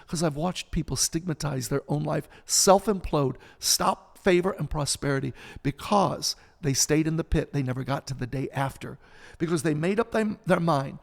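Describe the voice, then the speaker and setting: A man's voice: a little high, normal speed, creaky, in a large hall. A man in his sixties, a pastor, preaching with passion on a podcast and building emphasis through repetition. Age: 60s. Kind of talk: sermon-style podcast talk.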